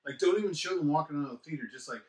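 A man's voice: a little high, rapid-fire. A man co-hosting a casual movie chat, joking and chiming in with short reactions. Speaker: podcast co-host. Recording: echoey room, mic at a distance.

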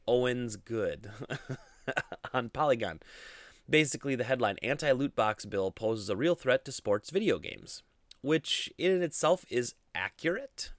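A man's voice: medium pitch, expressive, measured pace, no room sound, clean studio sound. A man hosting a casual solo gaming podcast, rambling with lots of fillers and restarts. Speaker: podcast host.

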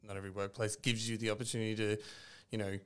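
A man, a podcast guest from a coffee roaster, talking in a relaxed, earnest way. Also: fairly low pitch, fast talker, clear, resonant tone. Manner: relaxed, earnest, thinks aloud. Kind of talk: casual podcast interview.

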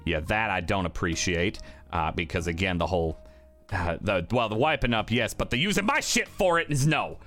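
A man playing a tabletop role-playing game in character, exasperated and ranting, swinging between low grumbles and loud outbursts. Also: expressive, moderate pace, soft background music. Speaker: tabletop player.

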